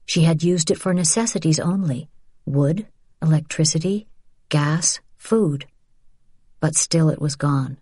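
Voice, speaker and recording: A woman narrating an audiobook in a measured, even storytelling manner. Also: sits low, breathy edge, dry recording, studio quality. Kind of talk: scripted narration.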